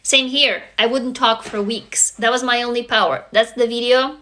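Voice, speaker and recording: A woman speaks in a high, bright, forceful voice. She hosts a livestream and talks in a raw, intense way, swearing freely and circling back to the same phrases again and again. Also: fairly even intonation, moderate pace. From Russia. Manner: raw, intense, profane, repetitive. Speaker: livestream host. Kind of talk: emotional livestream monologue.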